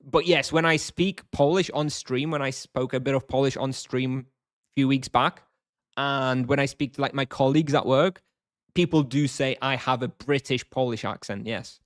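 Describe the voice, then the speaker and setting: A man's voice: mid-range voice, fairly even intonation, normal speed, no echo, clean studio sound. A man streaming a game live, chatting casually and answering viewers at length. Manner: rambling, reads chat aloud and answers.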